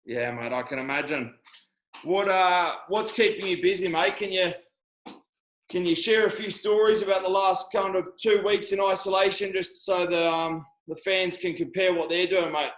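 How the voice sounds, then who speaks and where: A young Australian man hosting a casual video call chat, chummy and halting, saying mate constantly. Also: sits high, fairly bright tone, poor audio. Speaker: host.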